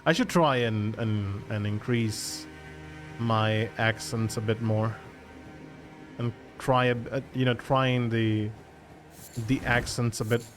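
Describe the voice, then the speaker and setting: A Spanish-accented man from the Canary Islands chats slowly and easily in English while streaming a game, often restarting his words. His voice sits at an ordinary middle pitch, with faint game music underneath. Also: steady tone. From Canary Islands, Spain. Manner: chatty, restarts words often, reads chat aloud. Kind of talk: casual live gameplay chat.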